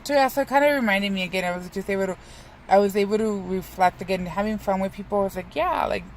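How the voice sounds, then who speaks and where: A woman's voice: mid-range voice, fast, a little hiss or hum, rough recording. A young woman in a casual, rambling vlog who swears freely and pokes fun at herself. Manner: rambling, profane, self-mocking.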